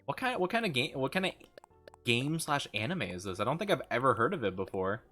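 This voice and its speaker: A man's voice: medium pitch, very animated, a little fast, bright, forceful tone, soft background music. A young man streaming a game and chatting casually with viewers, upbeat and chatty. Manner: upbeat, chatty, greets viewers, often laughs. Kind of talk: casual live-stream chat.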